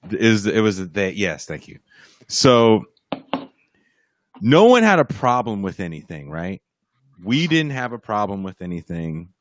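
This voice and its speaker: A man's voice: on the low side, big pitch swings, a little slow, long pauses, no room sound. A man on a podcast, casually telling a story, swearing freely and acting out other people's voices when he quotes them. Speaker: podcast guest, band musician. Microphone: podcast mic over a livestream.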